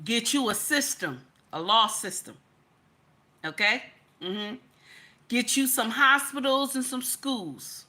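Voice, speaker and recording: A woman with a fairly high, bright voice hosts a livestream, speaking slowly and forcefully as she lectures her chat. She's preachy and emphatic, repeating herself and tossing in "okay?" again and again.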